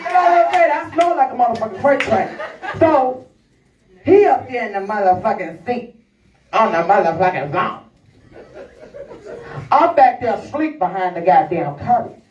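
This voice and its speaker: A woman's voice: sits high, expressive, normal speed, pauses often, a little mellow. A woman doing stand-up storytelling, brash and profane, talking straight to the crowd from a live comedy venue. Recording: echoey, distant, dull live recording.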